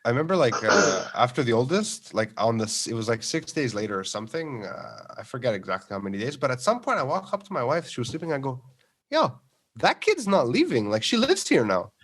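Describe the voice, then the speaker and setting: A man telling lively, profane stories about his kids on a podcast, acting out every quote. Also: mid-range voice, quick pace, few pauses. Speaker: podcast guest. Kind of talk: casual chat, storytelling.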